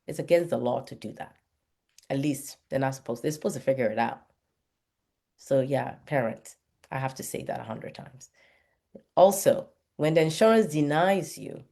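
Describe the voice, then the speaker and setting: A woman hosting a motivational talk, speaking passionately with lively, preachy emphasis. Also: low-pitched. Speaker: host.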